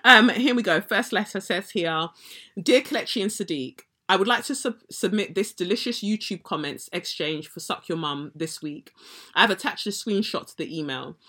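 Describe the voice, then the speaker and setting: A woman's voice: mid-range voice, pushed and bright. Blunt woman co-hosting a podcast. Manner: blunt, quick, reads letters aloud. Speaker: podcast co-host. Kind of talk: casual chat.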